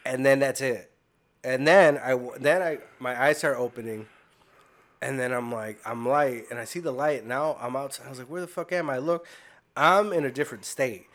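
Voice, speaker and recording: Bright-voiced man telling wild stories. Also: mid-range voice, moderate pace. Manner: profane, animated storyteller. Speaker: podcast guest. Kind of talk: casual comedic storytelling.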